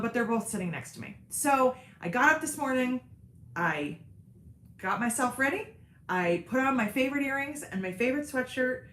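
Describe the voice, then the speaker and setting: A woman's voice: mid-range voice, fairly bright tone, roomy sound, a little hiss or hum. A tired woman hosting a casual livestream from home, talking candidly and rambling with lots of "um"s. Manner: candid, self-deprecating, rambling with many "um"s. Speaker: host of a sewing and cork craft channel. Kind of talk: casual livestream chat with viewers. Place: home, seated indoors.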